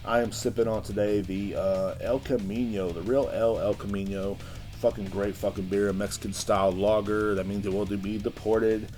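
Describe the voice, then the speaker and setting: Brash, profane man, low voice. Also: level tone, moderate pace, a little mellow, soft background music. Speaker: podcast host. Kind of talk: casual rant podcast.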